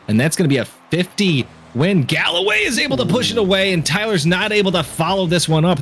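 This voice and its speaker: Male color caster, mid pitch, relaxed and rambling, faint background noise. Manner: relaxed, rambling analysis with restarts. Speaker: color commentator. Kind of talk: esports commentary.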